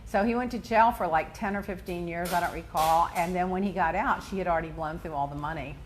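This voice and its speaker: A woman hosting a talk show, telling personal stories in a chatty, animated way, laughing often and acting out the people she quotes. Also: lowish voice, quick pace, a little hiss or hum. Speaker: host.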